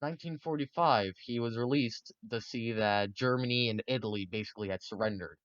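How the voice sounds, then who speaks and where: A man's voice: medium pitch, brisk, a bit bright, no room sound, muffled recording. A man casually narrating history for a video, rambling and joking with many fillers.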